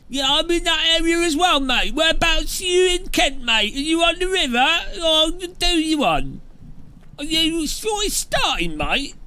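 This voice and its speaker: A man's voice: very high-pitched, sharp tone, pitched above the performer's own voice, exaggerated voice. A man voicing a rowdy, leering Cockney geezer, with a put-on Cockney accent and a brash, taunting manner.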